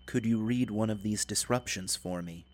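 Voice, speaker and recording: A man's voice: fairly low pitch, moderate pace, slight background noise, lightly acted. A man voicing a cold, precise disembodied voice. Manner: flat, precise, oddly without qualities. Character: cold disembodied machine voice, clinical and controlling.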